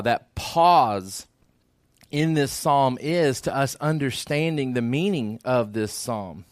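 A man's voice: mid-range voice, dry recording, studio quality. A man preaching a sermon as pastor, earnest and repeating phrases for emphasis.

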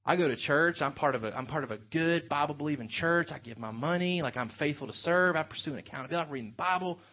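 An earnest male pastor delivers an expository sermon in a fairly high voice. The recording is dull and lo-fi. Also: quick pace. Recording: dull lo-fi sound.

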